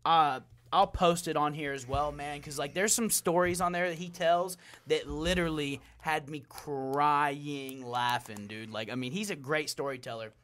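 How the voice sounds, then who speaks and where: A man's voice: fairly high pitch, moderate pace, hardly any pauses, fairly bright tone. A young man hosting a casual podcast chat, rambling and dropping "like", "bro" and "dude" all the time. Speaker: podcast host.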